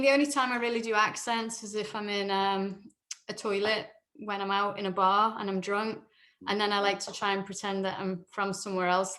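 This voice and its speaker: A woman with a Liverpool accent chats as an interview guest over a video call, at a middling pitch for a woman. She is jokey and quick to laugh, with a relaxed conversational delivery. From Liverpool, England. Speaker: guest, actress and writer. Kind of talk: casual interview chat.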